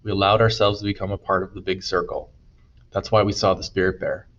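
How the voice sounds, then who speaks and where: A man's voice: sits low, level tone, quick pace, a bit bright, lo-fi sound. A man doing a remorseful teenage boy. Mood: calm. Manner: earnest, pleading. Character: remorseful teenage boy, troubled but gentle.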